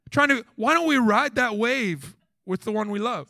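A man preaching a sermon to couples, animated, acting out little quoted exchanges and firing rhetorical questions. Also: very high-pitched, normal speed, vocal fry, no room sound. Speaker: pastor.

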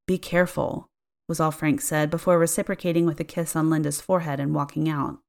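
A woman tells a first-person story in an audiobook reading, her voice slightly low. She narrates with expressive storytelling and acts out the dialogue as she goes. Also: fast, vocal fry.

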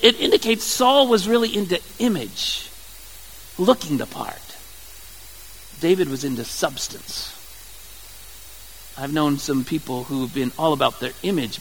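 A male preacher with a high voice delivers a sermon in a conversational manner. He often stumbles and repeats words. His voice carries a long hall reverb. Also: vocal fry, a bit bright, slight background noise. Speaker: pastor.

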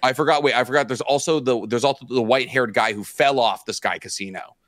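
A man co-hosting a casual podcast, telling stories with lively quoted voices and crude jokes. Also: fast talker, dry recording, studio quality. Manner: animated storytelling, acts out quotes in high voices. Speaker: podcast co-host.

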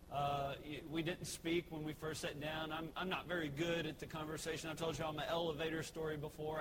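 A Texan man with a notably high voice preaches an evening sermon from the pulpit. He talks in a loose, storytelling way with frequent fillers. A clear hiss of noise sits under the recording. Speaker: pastor. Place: church sanctuary.

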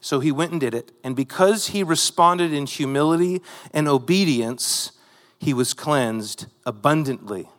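A man's voice: a little high, expressive, a little slow, big-room sound. A man preaching a sermon, retelling a Bible story in a conversational way with rhetorical asides to the congregation. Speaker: pastor.

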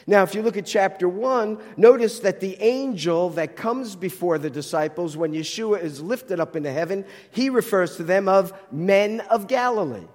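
High-voiced preacher with a Jersey accent. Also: male voice, expressive, moderate pace, hardly any pauses, a little mellow, in a large hall. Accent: New Jersey. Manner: explanatory, with rhetorical questions. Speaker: Bible teacher. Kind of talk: sermon.

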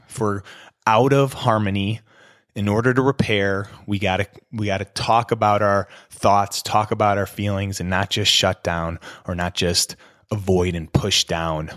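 A man's voice: on the low side, a bit bright, dry recording, studio quality. A man hosting an advice podcast, talking in a casual, direct coaching tone. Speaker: podcast host.

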